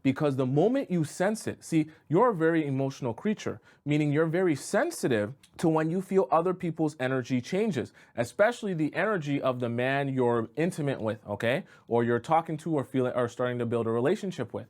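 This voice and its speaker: A dating coach gives relationship advice straight to camera, talking casually and checking in with "right?" and "okay?" while acting out examples. His voice is a little high and a little mellow, animated and fairly quick, with hardly any pauses.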